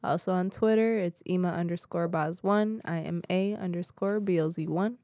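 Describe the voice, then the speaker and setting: A woman's voice: lowish voice, fairly even intonation, normal speed, mellow, no echo, studio quality. A woman co-hosting a podcast, teasing her partner in a giggly, casual way. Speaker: podcast co-host.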